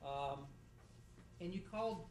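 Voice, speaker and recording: A middle-aged male judge speaks in a fairly high voice, and his words echo around a courtroom because he is some way from the mic. He gives students feedback in halting bursts, repeating words and slipping in dry jokes. A faint room hum sits under his voice. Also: a little mellow. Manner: halting and repetitive, with dry humor. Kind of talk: spoken feedback to students after a mock trial. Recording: echoey room, voice from a distance.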